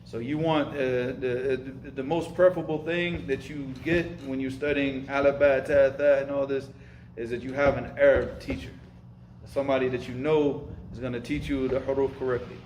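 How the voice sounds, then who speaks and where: A man's voice: mid-range voice, steady tone, moderate pace, a little mellow, roomy sound, a little hiss or hum, low-quality recording. A man teaching an informal lesson, speaking casually and emphatically, repeating himself and mixing in Arabic terms. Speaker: Arabic and Islamic studies teacher. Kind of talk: informal lesson with live questions.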